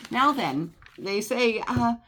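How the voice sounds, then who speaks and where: A woman's voice: fairly high pitch, lively intonation, takes it slowly, fairly bright tone. An older woman with a New Jersey accent, chatting casually and rambling about travel, with lots of fillers and laughs. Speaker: travel vlogger.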